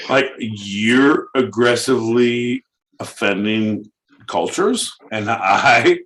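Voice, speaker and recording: A man co-hosting a podcast, crude, loud and joking. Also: fairly low pitch, slow. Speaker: podcast co-host. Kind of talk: casual comedic chat.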